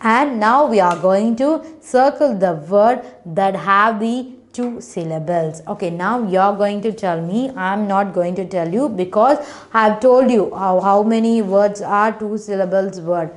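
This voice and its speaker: A woman's voice: medium pitch, measured pace. A woman teacher, patiently sounding out words and syllables for children in an online phonics class. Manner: patient, repetitive teacher talk, sounding out letters, frequent "okay".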